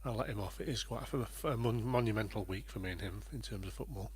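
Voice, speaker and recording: A man's voice: lowish voice, fast talker, darkish tone, breathy edge. A man hosting a livestream, chatting casually and rambling a little as he greets viewers by name. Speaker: livestream host and performer.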